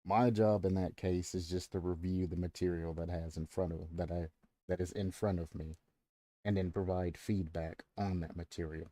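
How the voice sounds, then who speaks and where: A man's voice: low voice, little pitch movement, moderate pace, dark tone, no room sound. A man hosting a stream, ranting at length with plenty of swearing and repeating himself as he makes his point. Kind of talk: casual ranting stream commentary.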